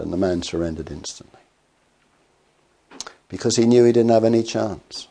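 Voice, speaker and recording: A man's voice: sits low, moderate pace, slightly rough. Man preaching a storytelling sermon. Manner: storytelling, animated acted quotes, rhetorical questions.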